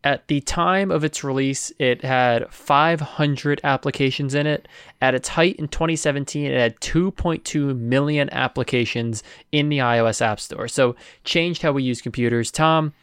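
Smooth-voiced podcast co-host, dry close sound. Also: male voice, medium pitch, moderate pace, a bit bright, dry recording. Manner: chatty, runs the segment questions. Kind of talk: casual sports podcast chat.

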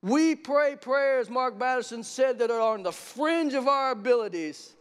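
A middle-aged man preaching a sermon in a folksy style, swinging from quiet asides to loud shouts. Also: very high voice, animated, measured pace, smooth.

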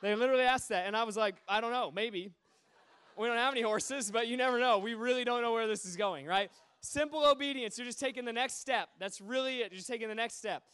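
A man preaching a sermon, telling stories with lively energy and acting out the voices of the people in them. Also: very high voice, fast talker, few pauses, smooth. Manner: animated, acts out quoted voices. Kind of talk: sermon storytelling.

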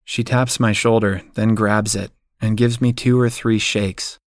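A man narrates a first-person story in a quiet, measured reading. His voice is on the low side, and the recording is close and dry, with no room sound. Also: steady tone, no echo. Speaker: audiobook narrator.

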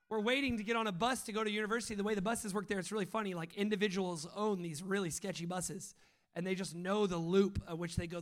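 A man preaching a sermon, telling personal stories in an animated way, acting out quotes and laughing often. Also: high-pitched.

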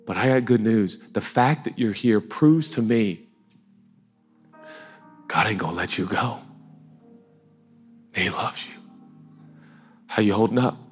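A man's voice: on the low side, slow pace, long pauses, husky, soft background music. A man preaching a sermon in an emotional, conversational way, often laughing as he talks.

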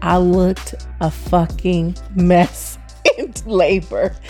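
A woman recounting a personal story, acting out her own past words in lively quoted asides and swearing freely. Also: lowish voice, very slow, faint music behind. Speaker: interviewee recounting her childbirth.

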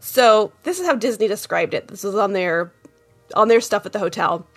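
A woman's voice: mid-range voice, expressive, normal speed, a bit bright, soft background music. A woman co-hosting a podcast in casual chat, chatty and laughing often. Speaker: podcast co-host.

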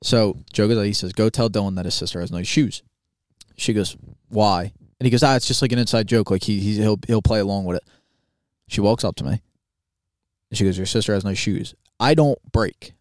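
A young man telling a school prank story on a podcast, blunt and profane with a deadpan delivery. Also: on the low side, brisk, no echo, studio quality. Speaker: podcast co-host. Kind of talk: casual storytelling chat.

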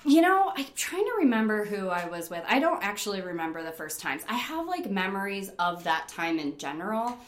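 A middle-aged woman from upstate New York telling stories in a casual interview, animated, laughing often and using lots of fillers. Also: medium pitch, fairly quick, hardly any pauses, roomy sound. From Rochester, New York. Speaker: interview guest, rock climber.

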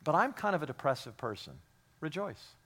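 A man preaching a sermon, telling stories in a hushed voice and then building to loud, emphatic exhortation with repeated words. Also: a little high, very animated, a little fast, slightly rough. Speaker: pastor.

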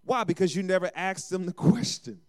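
A man's voice: sits high, fairly quick, a little mellow. A man preaching a sermon as pastor, calling for amens and acting out short everyday exchanges. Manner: call-and-response preaching with acted asides.

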